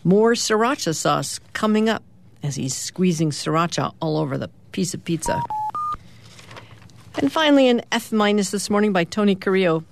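A radio host reading the morning comic strips aloud in an easygoing way, pausing with small fillers as he describes each panel. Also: mid-range voice, lively intonation, creaky, a little hiss or hum.

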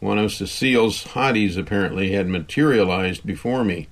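Low-voiced man reading a wry first-person story. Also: moderate pace. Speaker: audiobook narrator. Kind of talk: first-person scripted narration.

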